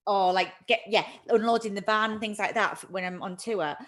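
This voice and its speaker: A woman's voice: medium pitch, fairly even intonation, normal speed, a bit bright. A woman hosting a casual live chat, talking freely and laughing often at herself. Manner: chatty, laughs often, self-deprecating. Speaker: livestream host.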